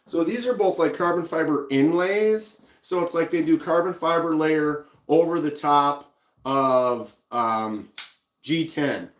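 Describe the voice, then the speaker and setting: A man's voice: on the high side, takes it slowly. Chatty Minnesotan man in echoey room. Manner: relaxed, chatty, reads out viewer comments. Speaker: livestream host showing pocket knives. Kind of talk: casual live-stream chat.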